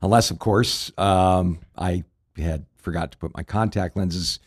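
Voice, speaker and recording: A man co-hosting a Bible question show, explaining scripture in a relaxed, rambling way full of fillers. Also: low-pitched, a little slow, slightly rough, no room sound, clean studio sound. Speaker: co-host answering Bible questions. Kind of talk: casual radio Bible Q&A.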